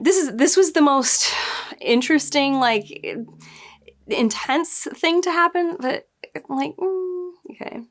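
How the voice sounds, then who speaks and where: A woman's voice: high-pitched, expressive, slow. A young adult woman casually reviewing a TV episode, retelling scenes in a chatty way with quoted lines and asides. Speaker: show reviewer.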